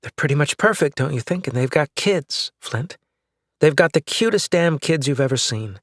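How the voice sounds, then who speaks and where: A male narrator voicing a frustrated, emotional wife who pleads and accuses, his voice lifted higher and louder. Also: lively intonation, normal speed, dry recording, studio quality. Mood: insistent. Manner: pleading and accusing, rising in pitch when upset.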